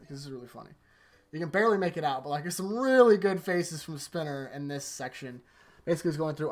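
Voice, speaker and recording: Tired youtuber rambling thru a manga recap, says like constantly, mid pitch, trails off quiet. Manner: rambling, heavy use of "like", sentences often trailing off softer. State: tired, recording late at night. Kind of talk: casual video commentary.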